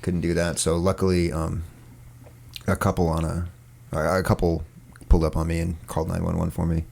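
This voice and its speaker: Podcast host, upper midwest accent, very low voice, loose rambling delivery. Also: male voice, level tone, fairly quick, creaky, a little mellow, slight background noise. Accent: upper Midwestern American. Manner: rambling, lots of filler words. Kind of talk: casual podcast chat.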